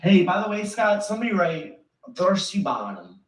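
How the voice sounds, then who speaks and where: A man's voice: sits high, sing-song, moderate pace, far from the mic. Cocky crude party guy, played by a man. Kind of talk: comedy series acting. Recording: echoey sound from off-mic.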